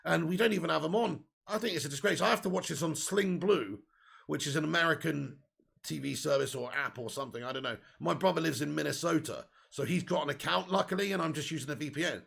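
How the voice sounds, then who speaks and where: Bloke doing a live match watch-along, really gravelly, kinda high voice, chatty and sweary. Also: male voice, fast talker. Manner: excitable, chatty, swears freely, reads chat aloud. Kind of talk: casual live match commentary.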